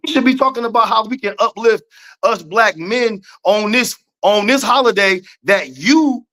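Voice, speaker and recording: A man's voice: sits high, normal speed, bright, forceful tone. A man co-hosting a casual podcast debate, talking emphatically and repeating his points with slang. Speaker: podcast co-host.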